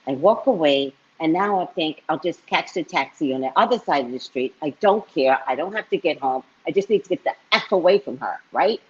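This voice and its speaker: A woman psychic reader telling a story to her live-stream viewers in a casual, animated way, often tagging lines with "right?". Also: low-pitched, a little fast, few pauses, breathy edge. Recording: dull lo-fi stream audio.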